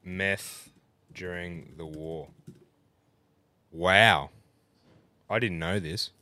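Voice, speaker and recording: A man's voice: sits low, drawn-out words, sharp tone, dry recording. A man co-hosting a podcast in an easygoing, casual way. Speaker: podcast co-host. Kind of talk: casual banter.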